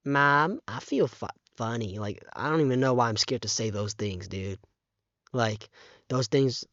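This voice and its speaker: A teenage boy talking haltingly in a casual vlog, close to tears, with many fillers and restarts, on a dull, muffled microphone. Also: lowish voice, dry recording. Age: teens. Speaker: vlogger.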